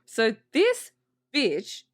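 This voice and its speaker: A woman co-hosting a podcast in a casual movie review chat, excited and swearing freely as she acts out quotes. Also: on the high side, drawn-out words, dry recording, studio quality. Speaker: podcast co-host. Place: podcast recording space.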